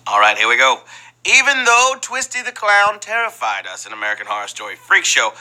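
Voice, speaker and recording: A man's voice: medium pitch, sing-song, a little fast, pushed and bright, low-quality recording. A man hosting a live trivia game show, playful and joking between questions and exclaiming often.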